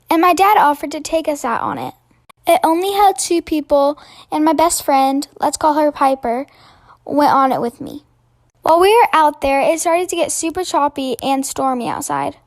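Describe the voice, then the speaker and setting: A young woman tells a story from her own life, plain and earnest. Her voice is high and the sound is dry and close to the mic. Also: dry recording. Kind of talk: casual storytime narration.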